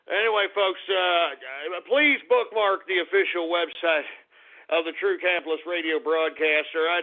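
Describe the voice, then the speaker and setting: A man's voice: high voice, steady tone, normal speed. Winded, ranting male radio host. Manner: swearing, agitated, ranting bursts then muttering. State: winded, lightheaded. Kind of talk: call-in radio talk. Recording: tinny phone-like call-in audio.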